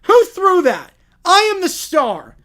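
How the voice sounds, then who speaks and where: A streamer squeaking as a spoiled little piglet girl. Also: wildly swooping pitch, fairly quick. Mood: whiny demanding. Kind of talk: read-aloud story voice on a stream.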